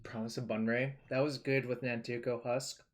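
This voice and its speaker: A man's voice: medium pitch, level tone, normal speed. A man streaming a card game, talking loosely and casually, thinking aloud and swearing now and then. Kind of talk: casual live-stream commentary.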